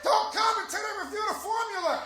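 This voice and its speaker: A man squeaking as a shrill impatient woman. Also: fast talker, a crowd in the background. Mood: insistent. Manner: shrill insistent nagging. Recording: echoey lounge with background noise.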